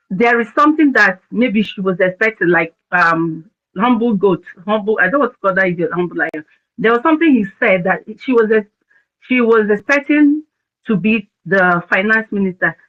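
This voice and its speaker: A woman's voice: mid-range voice, a bit bright, highs cut off. A woman giving impassioned commentary as a speaker in an audio chat room. She repeats words for emphasis.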